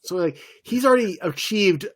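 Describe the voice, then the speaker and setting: A man's voice: sits high, expressive, moderate pace, a bit bright, dry recording. Man chatting loosely as podcast co-host. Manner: rambling, filler-heavy storytelling. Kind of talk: casual chat.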